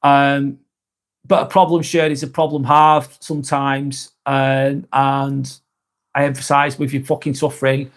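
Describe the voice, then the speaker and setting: A man's voice: mid-range voice, flat delivery, unhurried. A man hosting a live vlog, talking frankly and earnestly, swearing often and restarting his sentences. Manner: earnest and sympathetic. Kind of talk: casual live-stream chat.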